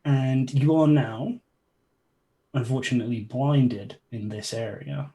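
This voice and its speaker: A man acting as game master for a tabletop game played over an online call, relaxed and chatty. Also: medium pitch, takes it slowly. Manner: relaxed, chatty, cursing mildly at stream problems.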